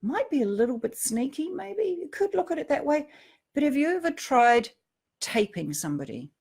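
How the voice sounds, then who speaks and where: A middle-aged woman talks earnestly about emotions and relationships, with a gravelly edge to her voice. She drops to hushed tones and then pushes up into emphatic, lifted phrases. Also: high-pitched, very animated, normal speed. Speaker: speaker on emotional triggers. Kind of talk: reflective personal talk.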